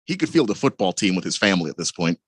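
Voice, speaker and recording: A man's voice: low voice, very animated, very fast, husky, no room sound. A man co-hosting a sports radio show, chatting casually and adding wry commentary. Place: radio studio.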